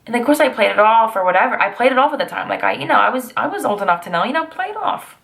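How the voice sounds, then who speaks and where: A young woman in her twenties rambles through old memories in a confessional vlog. She talks casually, with a gravelly fry in her voice and sassy little asides. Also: on the high side, lively intonation, racing, a bit bright. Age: 20s. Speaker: vlogger.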